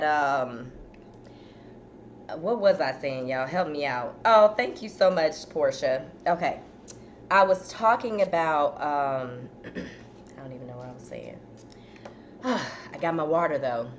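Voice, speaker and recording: A woman with a low-pitched voice hosts a casual live chat, chatting straight to her viewers, calling them "y'all," while fighting a cough from a dry throat. The audio sounds dull, with faint background noise.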